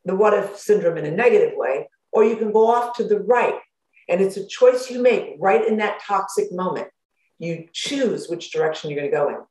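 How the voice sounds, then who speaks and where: A woman hosting a motivational self-help talk as a life coach. She speaks in an animated way, acts out worried inner thoughts and laughs often, through a computer microphone. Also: medium pitch, normal speed. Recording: roomy echo.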